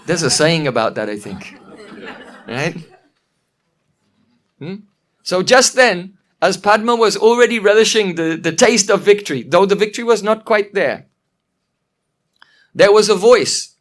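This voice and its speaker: A man's voice: sits high, expressive, a little slow, long pauses. A male teacher retelling a classical drama in a storytelling lesson, explaining as he goes and chuckling often.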